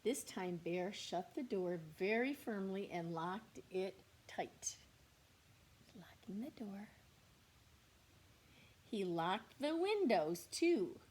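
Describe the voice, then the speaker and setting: A woman teacher reading a picture book aloud to young children, slow and expressive, with whispered asides to the class. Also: mid-range voice, a little hiss or hum. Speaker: kindergarten teacher.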